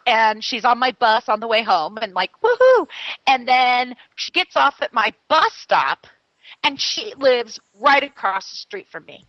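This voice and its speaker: A woman from California co-hosting a talk show, chatty and quick to tell a story with plenty of fillers. Her voice sits a little high and sounds bright and forward, recorded close and dry. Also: dry recording, dull audio. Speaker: co-host. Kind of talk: casual radio chat.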